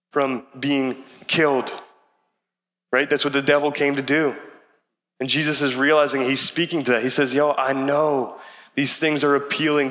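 Pastor guy preaching, casual slangy talk, bright forceful voice, big echoey hall. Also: mid-range voice. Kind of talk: sermon.

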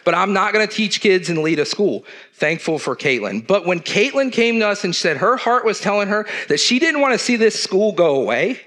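High-voiced man preaching earnestly. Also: sing-song, moderate pace, a bit bright. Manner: earnest, conversational preaching with southern turns of phrase. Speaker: church leader. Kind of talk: sermon.

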